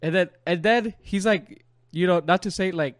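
A young man chatting on a podcast and spinning a long, meandering story, with a slightly high-pitched voice that sits close to a dry microphone. He keeps breaking into laughs and drops low whenever he quotes someone. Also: moderate pace, dry recording. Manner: rambling, laughs often, quotes others in a low voice. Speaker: podcast co-host. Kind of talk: casual storytelling chat.

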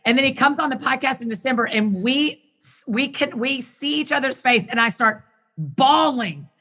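A woman talking as a guest in a casual conversation, enthusiastic and quick in bursts, often restarting her sentences. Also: high voice, expressive, bright, forceful tone, breathy edge. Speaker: podcast guest who hosts her own show.

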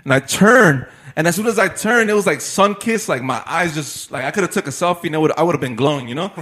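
A man's voice: on the high side, expressive, fast, a bit bright. Young man rambling through a story. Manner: rambling storyteller, heavy swearing and fillers, laughs often. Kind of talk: casual chat among friends.

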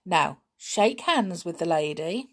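A woman's voice: on the low side, slow pace, exaggerated voice. A woman doing a cheery circus boy. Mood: friendly. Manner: excitable, folksy. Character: cheery circus boy, friendly and rough-spoken.

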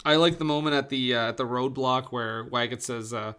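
A man's voice: medium pitch, brisk, bright, forceful tone, smooth. A man co-hosting a casual film podcast, talking playfully and pointing out gags and jokes. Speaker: podcast co-host.

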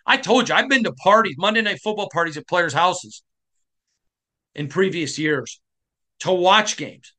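A middle-aged man from Michigan hosting a sports podcast, giving a passionate, emphatic monologue that climbs to shouting. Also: high voice, animated, measured pace, long pauses. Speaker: podcast host.

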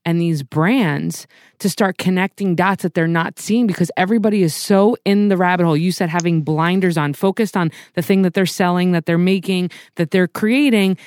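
A woman's voice: fairly low pitch, darkish tone, no room sound, clean studio sound. A woman co-hosting a casual business talk, building her ideas aloud in a thoughtful way.

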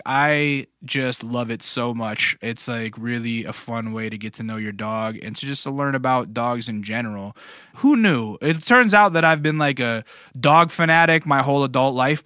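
A man's voice: medium pitch, pushed and bright, no room sound, studio quality. A man hosting a podcast, telling stories in a loose, rambling and profane way. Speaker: podcast host. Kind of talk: casual monologue.

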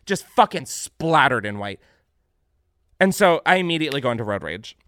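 A young man hosting a vlog, ranting in a casual, profane and animated way. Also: medium pitch, normal speed, dry recording. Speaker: vlogger host.

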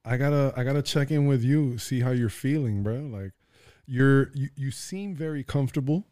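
A man co-hosting a podcast, relaxed and asking questions. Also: mid-range voice, moderate pace, no room sound, studio quality. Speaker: podcast co-host. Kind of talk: casual chat.

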